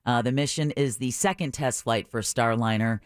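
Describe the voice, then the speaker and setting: A man's voice: mid-range voice, normal speed, no room sound, clean studio sound. A man hosting a radio talk show, reading news items and bantering with his co-host. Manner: animated, newsreading with banter. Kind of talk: casual news chat.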